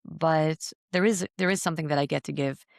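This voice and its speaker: This woman's low, creaky voice moves fairly quickly. She's a breathwork teacher on a podcast, earnestly searching through her story in reflective interview style and frequently repeating words as she thinks. The audio is clean studio sound with no echo.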